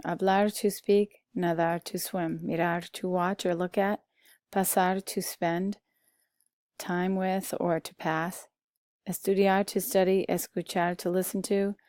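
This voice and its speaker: A woman teaching a Spanish grammar lesson, slowly and patiently reading out vocabulary with translations and a few fillers. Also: lowish voice, flat delivery, a little mellow, no echo, studio quality. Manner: slow, patient, talks through vocabulary lists with fillers. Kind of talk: recorded classroom lesson.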